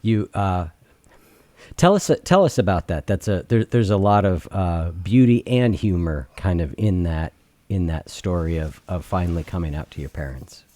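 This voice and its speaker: A man hosting a podcast interview, asking thoughtful questions and often pausing to search for words. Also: low voice, lively intonation, dark tone, no room sound. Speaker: podcast host. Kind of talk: interview conversation.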